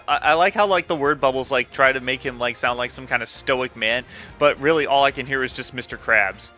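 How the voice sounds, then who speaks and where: A man's voice: medium pitch, brisk, pushed and bright, soft background music. A young man casually commenting on a game he is playing, joking and rambling with lots of fillers. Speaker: let's play host.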